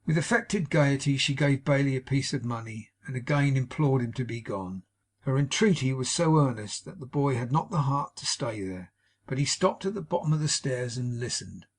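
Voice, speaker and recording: A man narrating a classic novel as an audiobook in a measured, solemn reading. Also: medium pitch, animated, husky.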